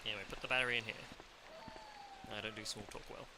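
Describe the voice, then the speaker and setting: A man's voice: fairly low pitch, level tone, fast, background noise. A man hosting a let's play, chatting casually about the game, joking with himself and talking to the enemies on screen. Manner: chatty, self-mocking, talks to the enemies. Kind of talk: casual gameplay commentary.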